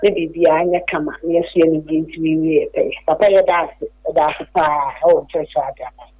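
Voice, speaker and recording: A woman's voice: low voice, fairly even intonation, quick pace, breathy edge. A woman calling in to a radio show, speaking earnestly and thankfully. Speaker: caller. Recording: tinny phone line.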